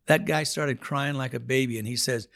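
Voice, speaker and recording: Man, prison Bible study leader, earnest testimony with repeated words, mid-pitched voice, dry close sound. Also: steady tone, moderate pace, gravelly, a bit bright, dry recording. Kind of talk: spoken testimony.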